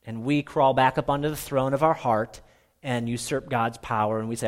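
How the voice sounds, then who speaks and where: A man's voice: medium pitch, fairly even intonation, normal speed. A man from Minnesota preaching a sermon as pastor, in a conversational, self-deprecating manner.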